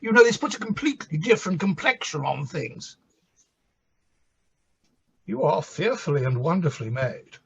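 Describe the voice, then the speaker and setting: An actor playing a tipsy, flirtatious bishop who fusses and quotes scripture. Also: male voice, on the high side, big pitch swings, moderate pace, vocal fry, long pauses, a bit bright, husky, exaggerated voice. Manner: fussy, camp, quoting scripture. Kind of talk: comic stage play reading. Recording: dull lo-fi recording.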